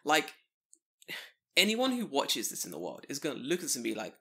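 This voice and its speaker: Animated, bright-voiced podcast co-host man. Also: medium pitch, a little fast, vocal fry, long pauses, breathy edge. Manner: animated, profane, laughs often. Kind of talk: casual chat. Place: living room. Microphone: studio mic at a table.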